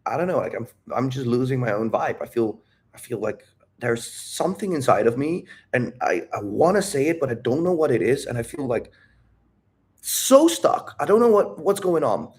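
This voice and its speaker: A man's voice: medium pitch, lively intonation, fairly quick, darkish tone. A man talking candidly about dating and his emotions, rambling and calling the listener "dude". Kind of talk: casual talk.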